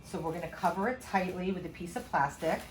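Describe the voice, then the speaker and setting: A woman's voice: fairly low pitch, quick pace. A middle-aged woman chef giving a casual home cooking demonstration, chatty and rambling, full of asides. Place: home kitchen.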